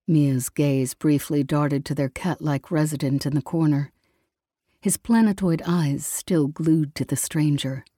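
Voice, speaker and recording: Slow, low-voiced woman narrator. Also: dry recording, studio quality. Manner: slow, even storytelling. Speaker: audiobook narrator. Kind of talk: scripted narration.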